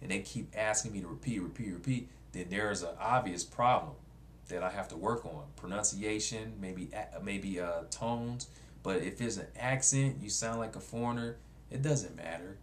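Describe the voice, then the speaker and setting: Blunt, low-voiced man vlogging. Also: moderate pace, slight background noise. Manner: blunt, repetitive, conversational. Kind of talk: casual talk to camera.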